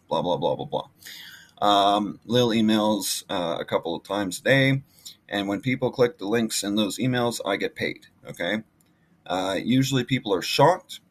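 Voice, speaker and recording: A man talking casually through his marketing emails, rambling with many fillers and restarts. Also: on the low side. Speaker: online marketing vlogger. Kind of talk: casual screen-share walkthrough.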